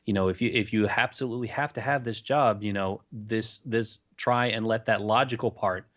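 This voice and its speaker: A man co-hosting a casual podcast, giving laid-back advice and stories with a relaxed, rambling delivery. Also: on the low side, normal speed. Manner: easygoing, many "you know" fillers. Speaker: podcast co-host. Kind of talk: casual chat.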